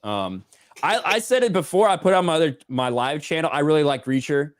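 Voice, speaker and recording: A man's voice: a little high, animated, a little fast, no room sound. A man co-hosting a casual livestream, reading out viewer donations and swearing offhandedly. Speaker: livestream co-host reading superchats.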